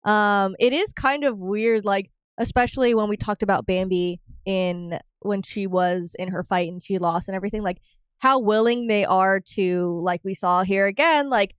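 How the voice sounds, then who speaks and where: A woman co-hosts a casual reaction podcast and talks through her thoughts, full of fillers. Her voice is smooth and clear, and the recording is dry and close. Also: medium pitch, normal speed, no echo. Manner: chatty, many fillers like "like" and "um". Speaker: podcast co-host. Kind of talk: casual anime reaction chat.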